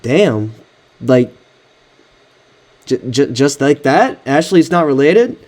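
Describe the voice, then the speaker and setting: A man's voice: mid-range voice, lively intonation, slow pace, darkish tone. A man giving casual reaction commentary on text messages he is reading, exasperated and slangy, swearing often. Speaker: content creator.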